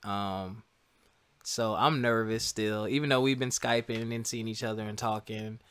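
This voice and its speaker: A man casually telling a funny personal story to listeners, animated and laughing often. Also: fairly low pitch, unhurried, clean tone. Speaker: co-host telling a couple's story.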